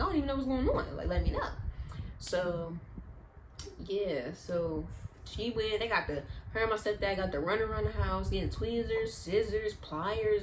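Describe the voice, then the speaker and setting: A young adult woman, a vlogger, telling casual, animated, slang-filled stories in storytime style. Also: mid-range voice, background noise. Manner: chatty, slangy, animated retelling.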